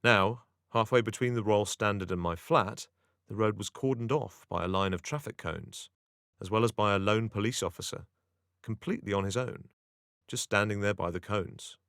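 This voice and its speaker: A man from England reading his own first-person essay aloud, telling it in a wry, measured way with dry self-mockery. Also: on the low side, fairly bright tone, clean tone, dry recording. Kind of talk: first-person audiobook narration.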